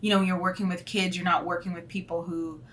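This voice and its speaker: Woman, 30s, teacher, casual vlog, candid, animated, filler-heavy. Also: fairly low pitch, fast, slight background noise.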